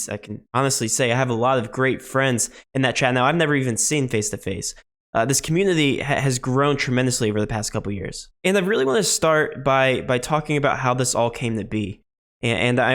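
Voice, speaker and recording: A young man in his twenties talking earnestly to his viewers in a personal vlog, his voice nasal from illness, often repeating words as he gathers his thoughts. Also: mid-range voice. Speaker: sports betting channel host.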